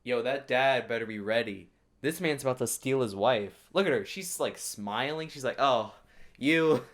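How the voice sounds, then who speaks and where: A man hosting a reaction video, giving casual comedic commentary with excitable, sarcastic asides. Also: mid-range voice, normal speed.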